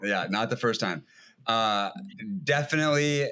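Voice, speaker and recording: Relaxed man with a bright, smooth voice. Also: mid-range voice, a little slow. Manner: relaxed, hesitant, swears casually. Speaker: podcast guest. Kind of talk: casual chat.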